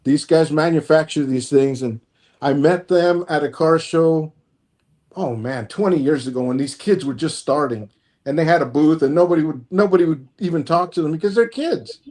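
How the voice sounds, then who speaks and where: A man's voice: a little high, normal speed. A chatty man telling a car story. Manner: animated anecdote telling, acts out both sides of conversations. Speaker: car collector guest. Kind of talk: casual storytelling chat. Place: home, online group stream.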